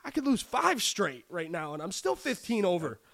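Profane, excitable man talking sports bets. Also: sits high, moderate pace, gravelly. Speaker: podcast co-host. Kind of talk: casual sports betting chat.

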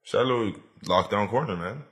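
A man co-hosting a casual podcast, laid-back and often quiet as he defends his views. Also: on the low side, normal speed, breathy edge. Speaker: podcast co-host. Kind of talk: casual chat.

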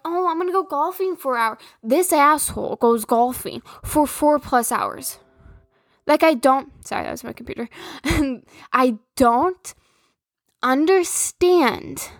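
Young woman ranting on her podcast, cussing a lot, kinda high voice, dry close sound. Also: no echo. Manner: blunt, profane, exasperated storytelling. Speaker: podcast host. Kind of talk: casual solo rant.

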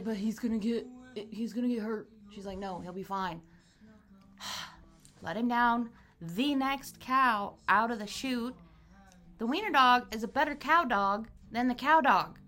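A woman's voice: medium pitch, pushed and bright. A young woman co-hosting a podcast, chatting casually with dry humor and frequent laughter. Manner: laid-back, dry humor, laughs often. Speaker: podcast co-host. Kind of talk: casual chat.

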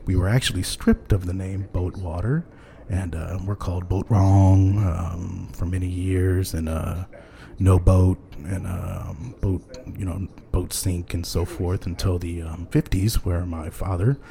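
Low, mellow-voiced man rambling on a podcast. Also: steady tone, measured pace, vocal fry. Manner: hesitant, many ums and uhs, chuckling often. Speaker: podcast host. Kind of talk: rambling casual chat.

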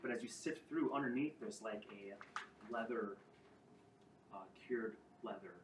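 A man narrating as game master of a tabletop game, with halting, restarting descriptions. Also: fairly low pitch. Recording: roomy, distant mic with clear background noise.

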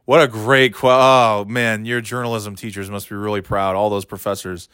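A man's voice: lowish voice, steady tone, a little fast, hardly any pauses, a bit bright, no room sound, studio quality. A man hosting casual commentary, sarcastic and rambling, with frequent swearing. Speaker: commentary host.

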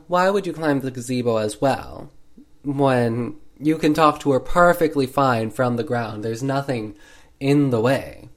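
Male host, mid-pitched, casual sarcastic film recap, lots of filler words. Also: unhurried. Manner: sarcastic, heavy use of 'like' fillers.

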